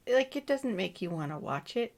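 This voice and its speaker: A woman's voice: mid-range voice, sing-song, normal speed, darkish tone. A woman co-hosting a casual podcast, reacting briefly and wryly to the news. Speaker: podcast co-host. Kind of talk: casual chat.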